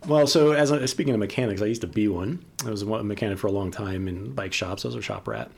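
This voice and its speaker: A man co-hosting a casual podcast chat, relaxed and chatty, laughing easily. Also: fairly low pitch, fast, creaky, slightly rough. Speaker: co-host.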